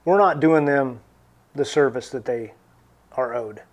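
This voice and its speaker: A man's voice: mid-range voice, a little slow. A man with a Midwestern American accent, a farmer guesting on a talk show, speaking earnestly and emphatically. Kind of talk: casual political chat.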